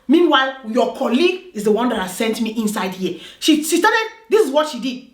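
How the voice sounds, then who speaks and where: A woman from Africa recounts a story to her viewers in a lively vlog, pressing her points with repeated words and frequent "do you understand?" checks. Her voice sits high, and the room around her rings with a noticeable echo. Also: fairly quick. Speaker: vlogger telling a personal story. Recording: roomy echo.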